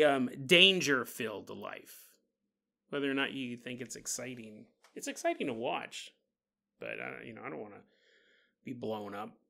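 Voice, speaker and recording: A man's voice: fairly high pitch, gravelly, pushed and bright. A male podcast host telling a story in a casual monologue, joking and laughing at his own asides and acting out the people in it.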